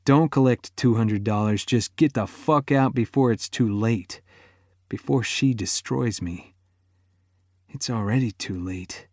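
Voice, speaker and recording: Male audiobook narrator, slow and unhurried, intimate and emotive, dry close sound. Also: on the low side, a little mellow, no room sound. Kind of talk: first-person romance narration.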